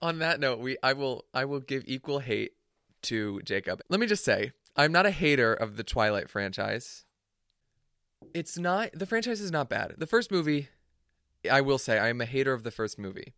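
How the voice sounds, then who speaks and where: A man's voice: mid-range voice, sing-song, normal speed, sharp tone, no echo, studio quality. A young man co-hosting a podcast in casual chat, playful and sarcastic. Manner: playful, sarcastic, mock-formal. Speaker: podcast co-host.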